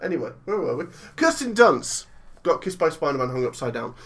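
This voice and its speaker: Bright-voiced, lively man in his thirties. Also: a little high, brisk. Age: 30s. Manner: rambling, teasing, laughs often. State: tired. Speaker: podcast co-host. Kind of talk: casual film-review chat.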